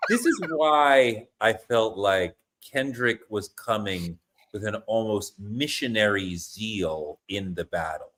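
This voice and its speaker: A man's voice: lowish voice, slow, fairly bright tone. A man who is a guest in a casual podcast chat, arguing his points emphatically and with passion.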